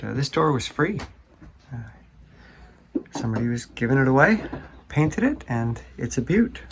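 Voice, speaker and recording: A man's voice: mid-range voice, fairly bright tone. A man vlogging casually with a swollen cheek after oral surgery, talking candidly and reflectively to the camera while he works on a door and walks outdoors. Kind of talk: casual vlog narration. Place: outdoors and around a house under renovation.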